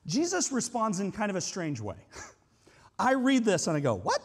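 A male pastor preaches in a relaxed, explanatory way, often hedging his points with casual asides. His voice sits high and swings widely in pitch. The sound carries a long hall reverb, as in a church sanctuary. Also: normal speed, breathy edge. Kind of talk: sermon.

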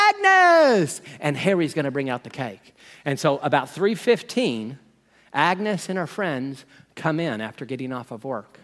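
A man, a pastor, telling a story in a sermon with animated, folksy asides. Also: fairly high pitch, in a large hall.

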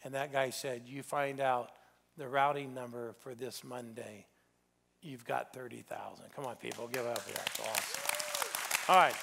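Gravelly-voiced man preaching a dramatic sermon. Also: medium pitch, steady tone, moderate pace, a crowd in the background, noisy background. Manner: swings from loud bursts to hushed whispers. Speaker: pastor. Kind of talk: sermon storytelling. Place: church sanctuary.

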